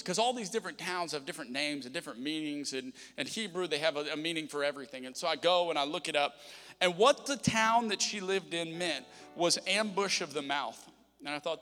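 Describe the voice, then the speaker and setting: A man's voice: a little high, brisk, pushed and bright, in a large hall. A young adult man preaching a sermon as pastor, conversational and emphatic, often voicing prayers aloud. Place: church hall.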